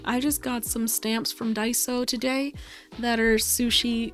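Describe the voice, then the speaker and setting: A woman's voice: a little high, flat delivery, a little slow, faint music behind. A woman streaming a game and chatting casually, rambling and amused with herself. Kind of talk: casual gaming stream chat.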